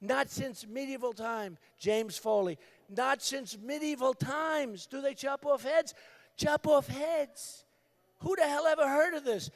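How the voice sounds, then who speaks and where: A man giving a campaign rally speech, emphatic and repetitive, breaking into shouted bursts. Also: very high-pitched, a little slow. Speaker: political candidate.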